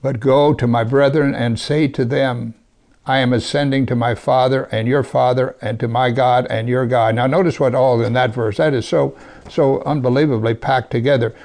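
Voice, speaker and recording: An older man preaching in earnest, reading scripture and pressing his points home to the congregation. His voice is gravelly, sits at an ordinary pitch, and sometimes falls to a hush. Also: steady tone, moderate pace. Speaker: pastor. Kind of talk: sermon.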